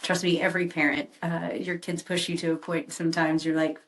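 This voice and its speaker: A woman hosting a podcast interview, asking gentle questions and affirming her guest supportively. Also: low-pitched, level tone, fairly quick. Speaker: podcast host. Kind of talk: casual interview chat.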